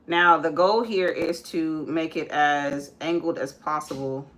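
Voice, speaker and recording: Bright-voiced chatty young woman vlogging. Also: low-pitched, fairly even intonation, measured pace. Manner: chatty, addresses viewers as guys, breaks off to scold her kids; frequent ums while working. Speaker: makeup vlogger and mother. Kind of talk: casual live-stream makeup chat.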